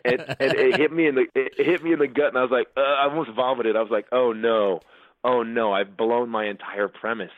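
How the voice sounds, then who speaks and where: A man's voice: medium pitch, a little fast, no room sound, narrow, tinny audio. A man in a casual interview, telling stories and acting out the voices of the people in them. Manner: animated storyteller, acts out quotes. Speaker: guest comedian.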